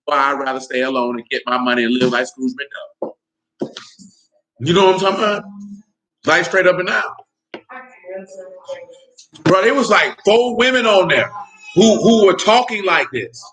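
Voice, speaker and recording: A man with a high, bright voice holds forth on his podcast. He speaks bluntly and heatedly, swears freely and keeps checking that his listeners follow him. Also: moderate pace, pauses often. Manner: blunt, heated, profane, keeps asking "you know what I'm saying". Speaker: podcast host. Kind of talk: casual spoken commentary.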